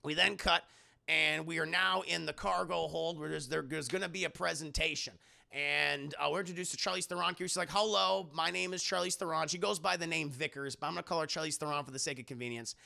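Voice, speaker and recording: Young guy rambling through a movie review for his chat, swears a lot, gravelly fry all over his voice. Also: a little high, fairly even intonation, quick pace, sharp tone. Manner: loose and rambling, swears freely, mocks film lines in put-on voices. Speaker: streamer reviewing a film with live chat. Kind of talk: casual spoken film review.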